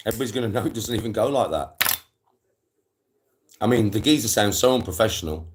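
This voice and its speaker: A man holds forth on a casual live stream. His voice sits very low, and he rambles through stories loaded with slang and swearing. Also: animated, fast, background noise.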